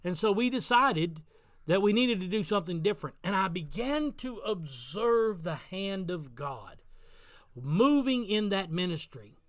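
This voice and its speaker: High-voiced pastor preaching from his porch. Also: big pitch swings, unhurried, fairly bright tone, no echo, clean studio sound. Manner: earnest storytelling, repeats key phrases. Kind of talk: daily devotional sermon. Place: outdoors on a front porch.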